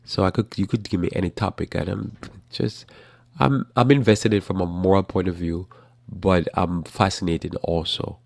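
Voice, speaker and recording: A man hosting a casual religious talk show about current events, rambling with restarts in a flat, matter-of-fact way. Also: deep voice, normal speed, gravelly, dry recording. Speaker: host.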